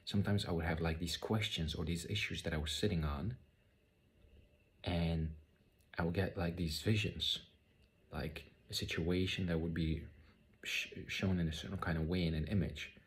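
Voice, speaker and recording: A man telling a personal spiritual story in a halting way, often repeating words and using many fillers. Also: low voice, steady tone. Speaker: spiritual vlogger. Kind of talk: personal testimony monologue.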